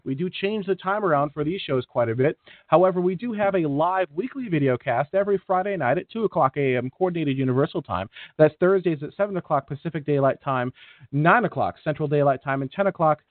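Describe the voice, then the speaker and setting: A man's voice: fairly high pitch, lively intonation, fairly quick, no echo. A man co-hosting a casual space podcast, chatty and rambling with lots of fillers. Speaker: podcast co-host. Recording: tinny phone-like line.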